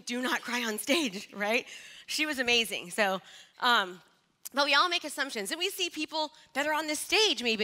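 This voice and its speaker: High, bright, energetic woman speaker. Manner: energetic, chatty, audience-engaging, a bit nervous. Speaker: motivational speaker. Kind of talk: live stage talk to an audience. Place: stage before a live audience.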